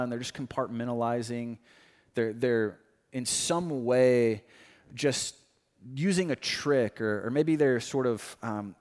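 A man preaching a sermon. He tells a story quietly, then builds to loud, emphatic preaching. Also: medium pitch. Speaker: pastor. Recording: long hall reverb.

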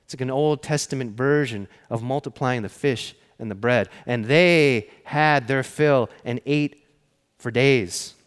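A man preaching a sermon, telling the stories conversationally and often dropping to hushed, emphatic phrases. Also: mid-range voice, unhurried, clean tone. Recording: long hall reverb.

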